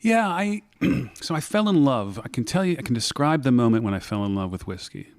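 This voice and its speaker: A man's voice: medium pitch, big pitch swings, fairly quick, dry recording, studio quality. A middle-aged American man telling his story as an interview guest, reflective and prone to restarts. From United States. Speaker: guest, whisky maker. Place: blending room in an office.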